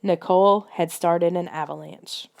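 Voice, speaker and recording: A woman's voice: on the low side, steady tone, measured pace, gravelly. A woman narrating a children's adventure book in a tense, suspenseful reading style. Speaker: audiobook reader. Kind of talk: scripted storybook narration.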